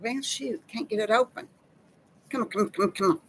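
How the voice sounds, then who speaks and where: A woman's voice: a little high, fairly quick, slight background noise, low-quality recording. A woman, hosting a casual live chat with viewers in a folksy, chatty way. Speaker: live-stream host.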